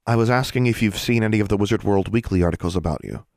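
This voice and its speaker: A man voicing an earnest, kind young schoolgirl in an audiobook, gentle and a little hesitant. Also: fairly low pitch, fast, creaky, dry recording, clean studio sound. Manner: gentle and chatty, slightly hesitant.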